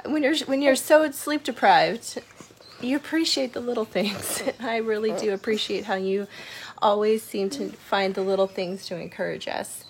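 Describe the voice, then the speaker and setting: A woman's voice: medium pitch, moderate pace, a little hiss or hum. A woman giving a casual birthday greeting, laughing now and then and restarting her sentences. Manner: warm and giggly, with small restarts. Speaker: friend sending a birthday message.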